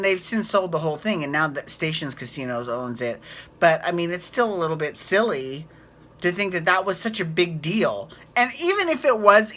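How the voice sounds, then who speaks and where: A woman's voice: mid-range voice, a bit bright. A woman casually recapping a reality show, rambling, sarcastic and swearing freely. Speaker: recap vlogger.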